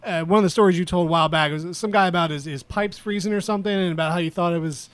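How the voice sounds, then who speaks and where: Chatty co-host guy, talks fast, slightly high voice. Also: clean tone. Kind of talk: casual radio chat.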